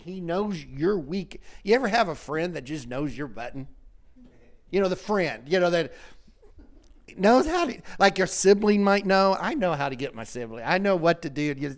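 Lively, animated male counselor. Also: a little high. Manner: animated, laughs often, repeats words when starting sentences. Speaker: counselor and host. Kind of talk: conversational talk show discussion.

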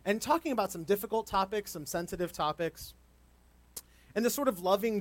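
High-voiced man preaching conversationally. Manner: conversational, candid, gentle. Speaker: guest preacher. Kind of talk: sermon. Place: outdoor service.

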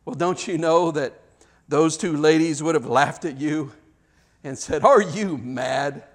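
A man preaching a sermon, telling a dramatic story and acting out the shouts of children. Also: on the high side, fairly even intonation, measured pace.

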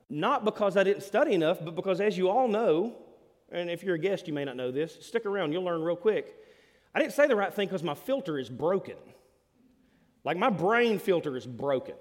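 Brief: male pastor, slightly high voice, self-mocking, live sermon with long hall reverb. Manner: self-deprecating and animated, quoting himself. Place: church sanctuary.

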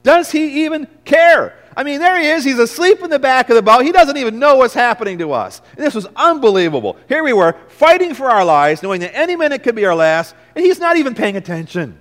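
A man preaching a dramatic first-person sermon as a weathered, shaken fisherman disciple, storytelling in swings from hushed to loud. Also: very high voice, very animated, a little fast, hardly any pauses, full character voice. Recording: long reverb of a large hall.

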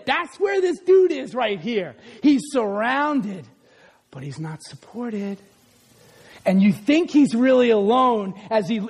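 A man in his forties preaching a lively sermon, who often breaks into shouts as he acts out scenes. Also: very high voice, breathy edge. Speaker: pastor who also teaches school.

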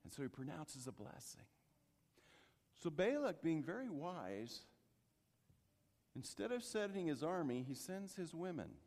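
A man preaching a sermon, telling the story with lively acting-out and speaking straight to the congregation. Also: fairly high pitch, measured pace, long pauses, in a large hall. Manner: animated storytelling, addresses congregation directly.

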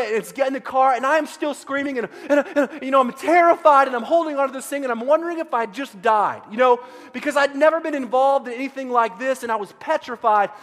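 High, bright-voiced man preaching in a hall. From Central Texas. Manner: animated, self-deprecating, many restarts. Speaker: pastor. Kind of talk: sermon storytelling. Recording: long reverb of a large hall.

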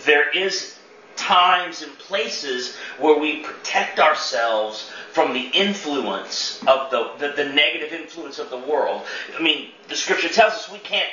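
A man's voice: medium pitch, sharp tone, a little hiss or hum. A man leading a church teaching session, talking conversationally, quizzing the room and repeating words as he thinks. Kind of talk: interactive teaching talk. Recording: echoey dull room sound from far off.

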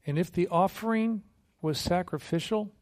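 A man's voice: high voice, normal speed. A man preaching as a missionary, telling stories in a conversational, humorous way and acting out quotes. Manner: conversational, humorous, animated storytelling with acted quotes. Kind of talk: sermon.

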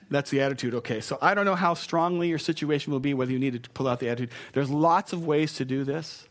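A man's voice: a little high, a little fast. A man preaching a sermon in a conversational, self-deprecating way, often repeating his key phrases.

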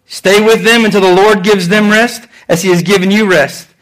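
A man with a high voice preaches a sermon with lots of energy. He swings between loud, emphatic lines and quieter ones, and he repeats his phrases to drive a point home. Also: steady tone, moderate pace. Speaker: pastor.

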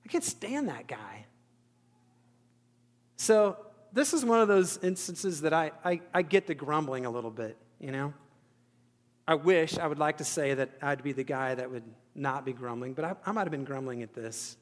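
A man's voice: fairly high pitch, moderate pace. A man preaching a sermon in a conversational, self-deprecating way, acting out the thoughts of the people in his story. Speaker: pastor. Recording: hall reverb.

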